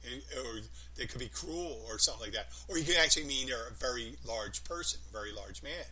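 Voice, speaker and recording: Bright-voiced rambling male storyteller. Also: medium pitch, lively intonation, fairly quick, slightly rough, low-quality recording. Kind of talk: casual chat.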